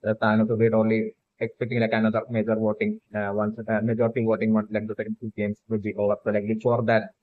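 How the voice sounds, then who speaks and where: Low-voiced and completely flat, a man races through a fan theory with few pauses, saying "like" and "uh" almost constantly and restarting his sentences. The audio has no room sound but a tinny, phone-like quality.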